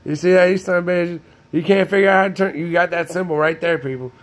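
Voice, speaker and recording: A man's voice: high-pitched, fairly even intonation, fast talker. A man ranting in a manic, profane, rambling monologue, filmed on a phone in a room. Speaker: vlogger. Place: indoors, room with a TV.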